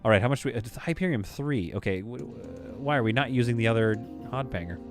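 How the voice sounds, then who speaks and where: A man's voice: medium pitch, expressive, quick pace. Chatty male streamer over faint music. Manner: casual, chatty, reads chat aloud. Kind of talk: live gameplay commentary.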